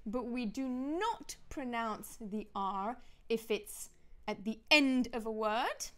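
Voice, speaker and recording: A woman's voice: fairly high pitch, lively intonation, slow pace. A woman with a Southern British accent, explaining pronunciation as an accent teacher in a scripted lesson dialogue. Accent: Southern British English. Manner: clear, explanatory, demonstrating sounds.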